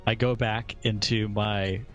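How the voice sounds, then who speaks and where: A man's voice: on the low side, flat delivery, measured pace, soft background music. A man playing a tabletop game, chatting casually and recapping events with a laugh. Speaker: player.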